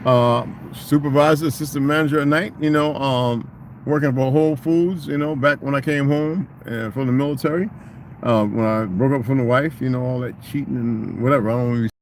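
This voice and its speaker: A middle-aged man in a casual, profane rant, swinging into loud, mocking quotes of other people. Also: mid-range voice, fairly even intonation, a little fast, slight background noise. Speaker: vlogger.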